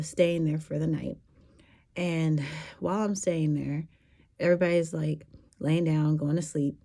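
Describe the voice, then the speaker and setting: A woman's voice: deep voice, dark tone. A woman telling a personal story in a candid, rambling casual monologue, laughing now and then.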